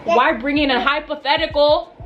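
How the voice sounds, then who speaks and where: A woman in her twenties telling a storytime vlog in a blunt, casual, venting way, with animated asides. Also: high-pitched, normal speed, highs cut off, slight background noise. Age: 20s. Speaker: vlogger.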